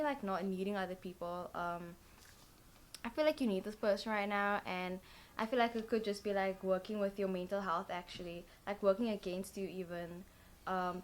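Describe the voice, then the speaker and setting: Young female vlogger, tired, chatty tarot reader who rambles and leans on filler words. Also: mid-range voice. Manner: rambling, full of "like" and "literally" fillers. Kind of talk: casual chatty tarot reading.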